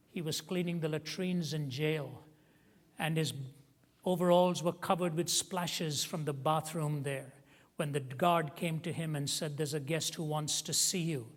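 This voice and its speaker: A man preaching with a fairly high voice, telling stories from the pulpit. He swells into emotional emphasis on the quoted words. His voice carries a long reverb from a large hall. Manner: storytelling, rising to emotional emphasis when quoting. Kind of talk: sermon.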